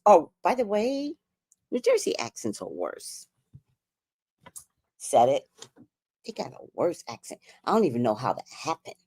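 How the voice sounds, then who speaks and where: A woman's voice: low voice, wildly swooping pitch, measured pace, pauses often, darkish tone, husky, no echo. A woman with a New York accent hosting a live stream, chatting bluntly and swearing freely. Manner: chatty, blunt, profane, laughs often. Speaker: livestream host. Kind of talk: casual live-stream commentary.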